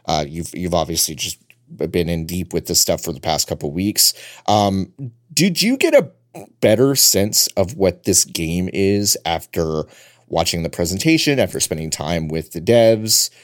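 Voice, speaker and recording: A man's voice: low-pitched, no echo, studio quality. A man hosting a podcast, talking in a loose, meandering, conversational way. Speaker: podcast host. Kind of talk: casual podcast talk.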